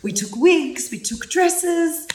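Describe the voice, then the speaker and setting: A woman's voice: expressive, slow, a little hiss or hum, heavily acted. A woman putting on a big man's giggly girl voice. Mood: giddy. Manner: high, giggly, prancing. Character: a big man's playful girly inner feminine. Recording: roomy sound from a distant mic.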